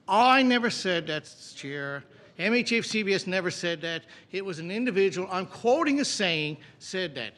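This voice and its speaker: A man, an opposition member in a committee debate, talking indignantly and slowing down to stress his words. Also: high-pitched, lively intonation, sharp tone. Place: legislative chamber.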